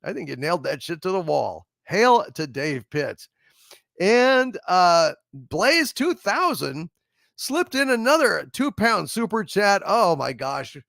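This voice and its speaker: A man with a gravelly, fairly high voice hosts a live stream and reads out viewer messages. He rambles and chuckles, with drawn-out fillers, and his pitch swings widely while his pace stays slow. The sound is dry and close to the mic. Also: sing-song, a bit bright, no echo. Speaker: host of a live-streamed variety show. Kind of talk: casual live-stream chat reading super chats.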